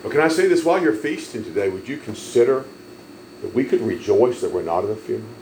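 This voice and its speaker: A man preaching a sermon, telling stories emphatically and swelling loud on key lines. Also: mid-range voice, animated, fast talker, background noise. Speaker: pastor.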